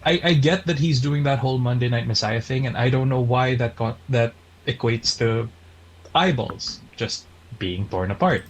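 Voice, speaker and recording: A man's voice: mid-range voice, moderate pace, rough recording. A man from the Philippines co-hosting a casual wrestling podcast, chatty and laughing often. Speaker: podcast co-host.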